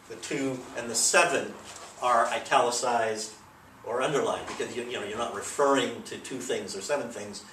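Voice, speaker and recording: Male teacher, mid-pitched, talking through a grammar lesson in a meandering way; recorded at a distance in a reverberant room. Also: normal speed, fairly bright tone, a little hiss or hum. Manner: loose, rambling explanation with many fillers. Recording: echoey room, mic at a distance.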